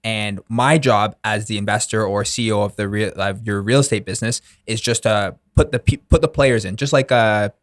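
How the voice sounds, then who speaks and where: A young man talks on a podcast in a casual, excited way, dropping "like" into nearly every sentence. His voice sits a little low. The sound is close and dry, with no room around it. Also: normal speed, few pauses, no room sound. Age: young adult. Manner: enthusiastic, filler-heavy, says "like" a lot. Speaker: guest, real estate investor.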